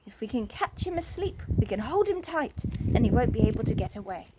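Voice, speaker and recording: A woman voicing Goldilocks, an eager, anxious little girl, in a storybook reading, speaking high and excitedly. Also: a little fast, heavy background noise.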